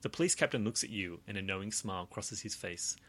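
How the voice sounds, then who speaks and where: A man's voice: lowish voice, animated, quick pace, fairly bright tone. A man reading a gamebook aloud to friends in a playful, chuckling way. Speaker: reader running the game book.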